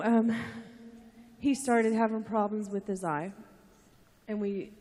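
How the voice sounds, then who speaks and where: A woman's voice: medium pitch, fairly even intonation, slow pace, long pauses, dark tone. A mother giving an emotional testimony in church, tearful and breathless, laughing through tears. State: crying. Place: large church hall. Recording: long reverb of a big hall.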